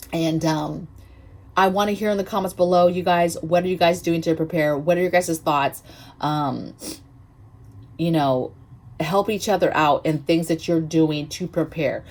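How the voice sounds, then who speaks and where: A woman's voice: deep voice, a little mellow. A woman hosting a prepping vlog, telling a story in a chatty, emphatic way, often checking in with her viewers. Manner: chatty, emphatic, frequent "okay?" asides. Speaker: prepping channel host.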